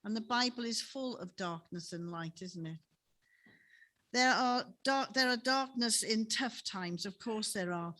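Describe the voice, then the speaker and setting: A woman's voice: on the high side, a little slow, a bit bright. A woman giving a sermon in a chapel, telling stories in a conversational way and often ending on tag questions. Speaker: preacher.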